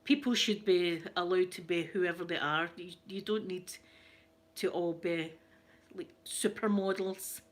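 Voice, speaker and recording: A woman's voice: lowish voice, unhurried. Chatty Scottish woman telling stories. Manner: chatty, laughs often, animated quoted voices. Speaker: ASMR channel host. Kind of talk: casual storytelling chat.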